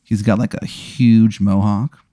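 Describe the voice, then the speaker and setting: A man narrates an improvised tabletop game as game master, rambling through fillers. His voice is low and mellow, and the sound is dry and close. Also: flat delivery, measured pace, no room sound. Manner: laid-back, rambling, lots of fillers.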